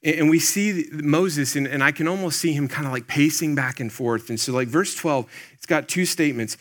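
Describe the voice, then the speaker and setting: A man's voice: a little high, normal speed, few pauses, a bit bright. A man giving a conversational sermon as a pastor, earnest and plain-spoken, talking straight to the congregation with lots of "like" and "um". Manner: earnest, speaks directly to the congregation; loose and plain-spoken, with many "like" and "um".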